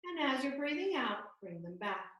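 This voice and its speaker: A woman guiding a yoga class over a video call, giving gentle, calm and soothing step-by-step cues. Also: sits high, normal speed, distant mic, dull audio. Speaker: yoga instructor. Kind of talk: guided yoga class instruction. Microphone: computer mic on a video call. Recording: echoey video call audio from off-mic.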